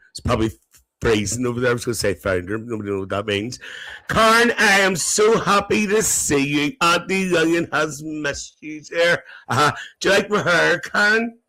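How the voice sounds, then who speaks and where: A man's voice: fairly high pitch, normal speed, pushed and bright, low-quality recording. A man playing a gossipy, cheeky older auntie who hosts a live comedy stream, chatting and teasing the viewers and laughing between lines.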